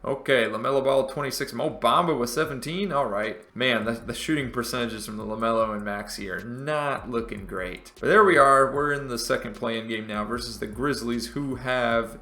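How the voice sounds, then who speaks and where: Gravelly, bright-voiced man commentating gameplay. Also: medium pitch, normal speed, few pauses, roomy sound. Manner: chatty, thinking aloud, mildly exasperated. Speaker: gaming commentator.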